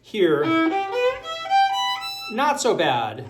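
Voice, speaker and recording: A man's voice: fairly high pitch, wildly swooping pitch, drawn-out words, over loud music. A man teaching a violin lesson, explaining technique with many fillers and counting rhythms aloud. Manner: counts beats and calls out rhythms while playing. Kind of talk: online music lesson. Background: violin playing.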